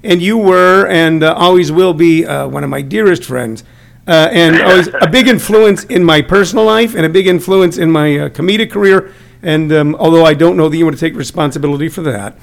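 A man's voice: on the high side, a little fast, gravelly. A middle-aged man, a comedian who teaches comedy, chatting casually and acting out the people in his stories. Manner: animated storyteller, acts out quotes. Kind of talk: casual chat.

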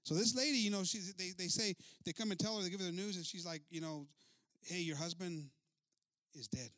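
A man's voice: high-pitched, fast, a bit bright, no room sound. A man preaching a sermon in two languages, interpreting himself, with stammered restarts and repeated words, often calling his listeners brothers.

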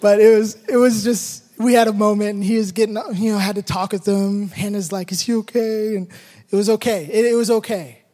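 Speaking fairly quickly, a father with an unusually high voice shares a personal family story, bringing each moment to life with shouted sound effects. The animated tale builds toward a life lesson, and a large hall's long reverb trails after his words.

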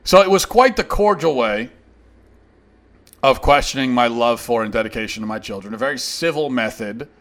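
Male host, opinion monologue; heated, emphatic, sarcastic, mid-pitched voice. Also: lively intonation, moderate pace, a bit bright. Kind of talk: opinion monologue answering a critic.

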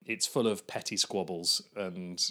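Low-pitched man giving measured recommendations. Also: fairly even intonation, sharp tone. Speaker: podcast co-host. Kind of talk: casual chat.

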